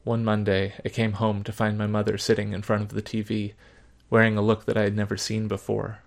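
A man narrating a story in the first person, measured, subdued and reflective. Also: on the low side, completely flat delivery, vocal fry.

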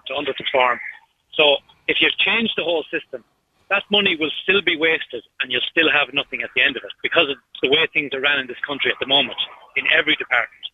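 A man's voice: a little high, husky, no echo. A man with an Irish accent calling in to a radio show, blunt and opinionated. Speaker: caller. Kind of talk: phone-in call. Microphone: phone line. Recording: muffled phone line.

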